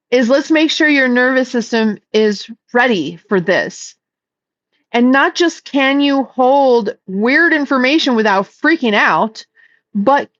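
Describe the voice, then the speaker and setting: A woman speaking as a psychic in a casual, meandering spiritual talk, earnest and stretching some words out slowly. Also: sits high, no echo, dull audio. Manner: meandering and earnest, with slow drawn-out emphases. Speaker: psychic channeling messages.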